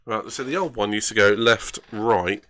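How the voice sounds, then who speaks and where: A man's voice: fairly low pitch, moderate pace, fairly bright tone. A man chatting casually while streaming a racing game, rambling and grumbling at himself with self-mocking asides.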